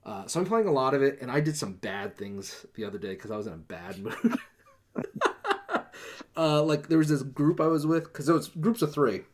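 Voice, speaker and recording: A man's voice: medium pitch, expressive, normal speed, a little hiss or hum. A young man rambles through a gaming story on a casual podcast, dropping fillers and curses as he goes. He jumps into a livelier voice whenever he quotes someone, then settles back into easy chat. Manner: acts out quoted lines in a livelier voice. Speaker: podcast host.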